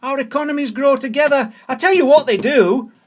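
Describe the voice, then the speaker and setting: A man's voice: extremely high pitch, brisk, slight background noise. A Scottish man giving an angry political rant, swearing often and repeating his phrases. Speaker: vlogger.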